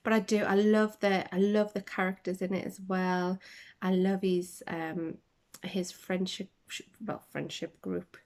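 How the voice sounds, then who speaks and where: A woman hosts a casual book-chat podcast, recorded on her phone, with a mid-range voice. She rambles happily through tangents, filling gaps with ums. Now and then she drops into a soft half-whisper. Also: mid-range voice, level tone, unhurried. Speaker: podcast host. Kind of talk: casual chat about books.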